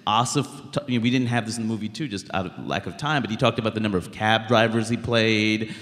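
A stand-up comedian from Queens, talking in an interview in an animated, emphatic way. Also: fairly low pitch, fast talker, long reverb tail. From Queens, New York. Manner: animated, emphatic, blunt, many "like" fillers. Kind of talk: conversational interview.

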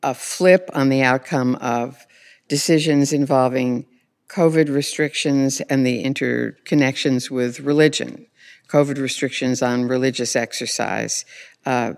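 A woman's voice: extremely low pitch, measured pace, creaky, a little mellow, big-room sound. A woman correspondent interviewing a guest, building long, pointed questions step by step. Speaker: legal affairs correspondent, interviewer.

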